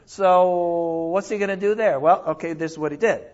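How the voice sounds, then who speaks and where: High-voiced man teaching the Bible, lo-fi. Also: normal speed. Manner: lively, exclaims and self-corrects often.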